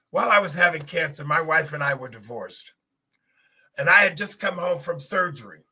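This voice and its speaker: A man's voice: on the high side, sharp tone, husky. A middle-aged man hosting a podcast, telling a personal testimony in an earnest, emotional way and speaking straight to his listeners. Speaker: podcast host.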